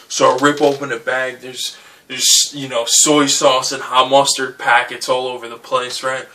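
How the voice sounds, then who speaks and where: A man's voice: medium pitch, flat delivery, moderate pace, bright, forceful tone, far from the mic, a little hiss or hum. A young man who grew up in Connecticut telling a rambling, profane comic story, often asking "right?". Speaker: comedian.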